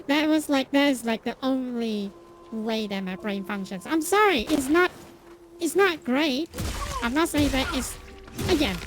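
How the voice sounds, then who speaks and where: A woman's voice: high voice, lively intonation, measured pace, faint music behind. A young woman streamer chatting casually while gaming, rambling and self-deprecating with lots of restarts and fillers, and laughing often.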